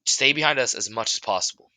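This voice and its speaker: Guy playing a confused hunter, hesitant, bright voice. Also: mid-range voice, quick pace, dry recording, pitched above the performer's own voice. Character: confused male A-rank hunter.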